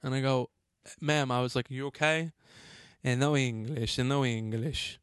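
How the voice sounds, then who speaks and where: A man, host of a podcast, telling a heated, profane story in an excitable way. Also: medium pitch, moderate pace, clear, resonant tone, no echo.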